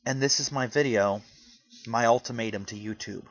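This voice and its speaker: Speaking at a moderate pace in a medium-pitched voice, a YouTuber addresses the camera with an earnest, pleading rant, rambling and restarting as he opens his heart. The sound from his home microphone is dull.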